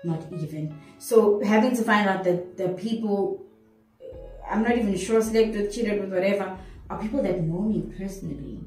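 A young woman with a South African accent, telling her personal story in an interview, animated and switching in and out of isiZulu. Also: medium pitch, normal speed. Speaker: interview guest. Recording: echoey room, voice from a distance, faint music.

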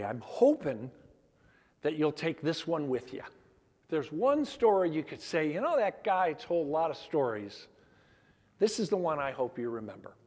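A man's voice: fairly high pitch, darkish tone. A man on stage at a conference, telling heartfelt stories in an emphatic storytelling style and acting out the quoted dialogue. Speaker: conference speaker. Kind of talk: storytelling keynote talk. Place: large conference hall. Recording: long hall reverb.

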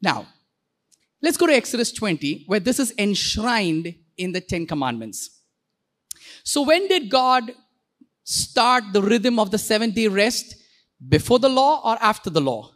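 Lively pastor preaching. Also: medium pitch. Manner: interactive, calls the congregation to repeat words; playful, quick asides and jokes. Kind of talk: sermon. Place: church.

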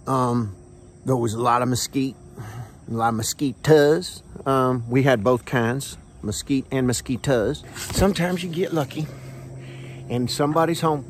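A man hosting a comic vlog outdoors, talking in a folksy, hushed, deadpan way and tagging phrases with "okay?". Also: medium pitch, a little slow, a little hiss or hum. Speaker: vlog host playing a self-styled squirrel expert. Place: outdoors under a tree on a farm. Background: faint crickets and insects.

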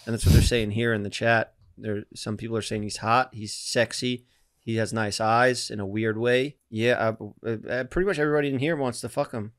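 A man's voice: mid-range voice, steady tone, a little fast. A man hosting a podcast in a loose, profane, casual chat full of fillers. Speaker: podcast host.

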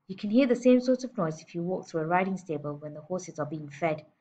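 A woman teacher reading a storybook aloud to children in a lively, expressive way. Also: lowish voice, a little fast. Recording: dull lo-fi recording.

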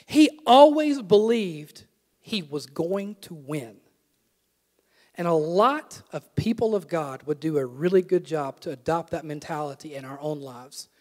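A young adult man preaching a sermon, with animated repeated refrains and self-deprecating jokes. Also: a little high, a little slow, in a large hall. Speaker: pastor. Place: church sanctuary.

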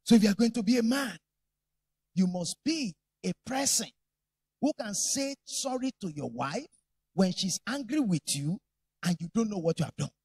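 A man's voice: high voice, expressive, moderate pace, a little mellow, husky, dry recording, clean studio sound, heavily acted. A man voicing a stern father who gives orders to his grown son. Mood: instructive. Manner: stern, commanding.

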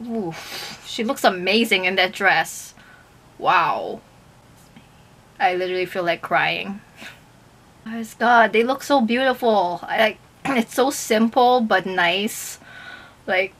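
A young woman talks straight to her camera from a small bedroom, her voice bright and forward. She gushes and gets emotional, filling her talk with likes and ums. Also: mid-range voice, slow, pauses often. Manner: gushing, emotional, fillers and many likes. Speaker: YouTuber reacting to a music video. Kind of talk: casual chat to camera.

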